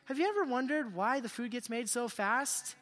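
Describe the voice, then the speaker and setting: A male youth pastor preaching a sermon in an animated, joking way, asking the group questions. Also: very high-pitched, moderate pace, long reverb tail. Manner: animated, jokey, asks the crowd questions.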